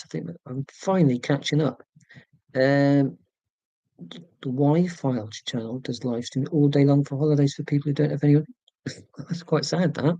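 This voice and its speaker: A man's voice: fairly high pitch, mellow, no echo, lo-fi sound. A man hosting a casual livestream from home, reading viewer comments in a chatty, rambling, self-deprecating way. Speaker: YouTube channel host.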